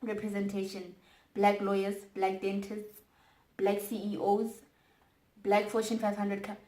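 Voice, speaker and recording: A woman's voice: medium pitch, measured pace. Emphatic South African woman in echoey room. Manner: animated, preachy rants with emphatic repeats. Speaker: co-host. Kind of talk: casual opinion chat.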